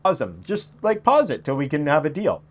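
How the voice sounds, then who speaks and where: A man's voice: on the high side, brisk. A man hosting a political commentary show, talking casually and sarcastically. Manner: sarcastic, animated, mocking voices.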